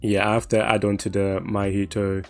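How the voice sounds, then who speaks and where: Low, flat-voiced man reflecting. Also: faint music behind. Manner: measured, reflective, many fillers. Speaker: podcast co-host. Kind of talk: casual anime discussion.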